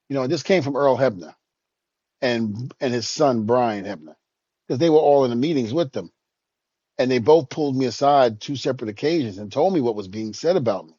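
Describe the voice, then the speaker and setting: A man talks through a long story in a relaxed, conversational way and drops his voice to act out what others told him. The sound is dull and a little muffled, with no room echo at all. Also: medium pitch, fairly quick. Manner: relaxed storytelling, acts out others' lines in a quieter voice. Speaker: podcast co-host, retired wrestler. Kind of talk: casual storytelling.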